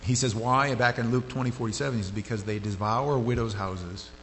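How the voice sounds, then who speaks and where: A man delivering a casual, conversational sermon at an average pitch, his voice climbing high and loud whenever he gets worked up. The sound carries a long hall reverb, with a faint hum underneath. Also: fairly quick. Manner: conversational, rises sharply when animated. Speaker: pastor.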